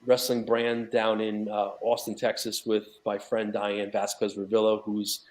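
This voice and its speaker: A man's voice: on the low side, completely flat delivery, measured pace, a little mellow. A man speaking as a guest in a casual interview, from New York, rambling with many fillers and restarts. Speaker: guest, documentary associate producer.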